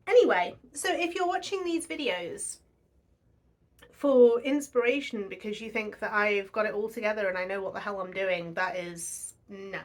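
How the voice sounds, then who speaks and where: A woman's voice: medium pitch, moderate pace. A woman in her thirties chatting casually to camera about budgeting, self-deprecating and laughing often. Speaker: budgeting vlogger.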